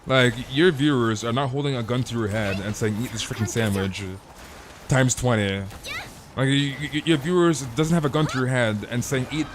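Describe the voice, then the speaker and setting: A man's voice: mid-range voice, normal speed. A man streaming a game and ranting in casual chat, swearing and filling his talk with "dude" and "like.". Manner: swears and repeats himself.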